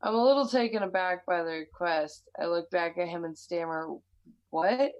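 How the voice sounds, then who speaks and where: A woman's voice: fairly low pitch, a little fast, highs cut off. A woman with an American accent, casually chatting and reading a listener's story aloud, laughing often and swearing freely. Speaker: podcast co-host.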